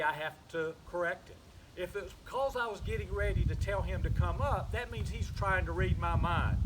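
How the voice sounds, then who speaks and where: A man with a Southern US accent, a dog trainer calmly explaining his methods between short commands to a puppy, recorded outdoors. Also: sits high, background noise. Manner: calm, explains while giving short commands.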